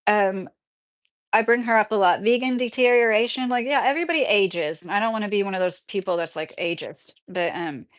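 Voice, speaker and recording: A woman's voice: mid-range voice, a little fast. A woman in her thirties chatting casually as a vlogger, rambling with many fillers while reading viewer comments aloud. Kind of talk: casual chat.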